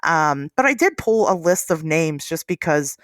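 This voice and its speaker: A podcast host from the United States talking in lively casual chat, laughing often. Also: mid-range voice, normal speed, no echo, clean studio sound.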